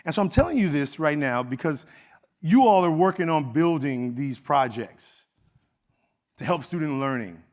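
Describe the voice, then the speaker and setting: A man's voice: a little high, normal speed. Storytelling man with an Oakland accent. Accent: Oakland, California. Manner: conversational, animated, acts out quoted dialogue. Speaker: keynote speaker. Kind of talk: storytelling keynote speech. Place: conference hall stage.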